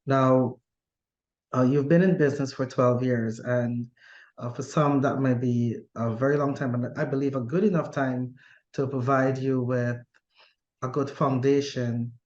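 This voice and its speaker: A man hosting a business interview, affirming his guest and pausing often on "uh" as he builds his questions. His voice sits at a middle pitch. The sound is roomy and a little dull, as if picked up from the room. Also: steady tone, darkish tone. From Guyana. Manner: affirming and deliberate, with many "uh" pauses. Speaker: interview host, business coach.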